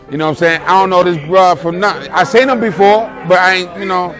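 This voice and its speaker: A man's voice: on the high side, fairly quick. A man, a close friend giving a rambling, streetwise spoken tribute. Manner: loose, rambling, streetwise talk with many "you know what I'm saying". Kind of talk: casual spoken memories. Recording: music and crowd chatter behind.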